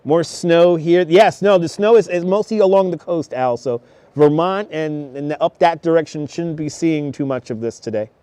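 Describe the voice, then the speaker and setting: A man's voice: on the high side, moderate pace, dark tone, clean tone, no room sound. A man in his thirties live-streaming outdoors on a snowy beach, chatting with viewers, greeting them by name and laughing often. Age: 30s. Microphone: wireless clip-on mic.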